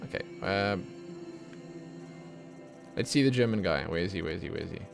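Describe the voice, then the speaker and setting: A man's voice: low-pitched, normal speed, creaky, music in the background. Chatty man streaming a game. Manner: chatty, excitable, thinks aloud. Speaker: streamer playing a video game. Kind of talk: casual let's play commentary.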